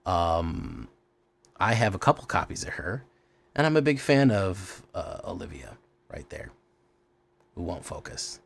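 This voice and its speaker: Male stream host, casual and rambling, slightly low pitch, talks straight to chat. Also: big pitch swings, measured pace, vocal fry, long pauses, slight background noise. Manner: loose and chatty, greets viewers by name, mutters at his camera.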